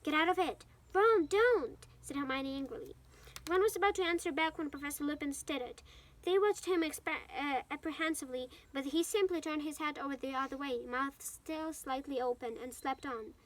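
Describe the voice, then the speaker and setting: High-voiced woman reading a novel aloud. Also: fairly quick. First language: Ukrainian. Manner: steady reading with occasional slips and restarts. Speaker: storybook reader.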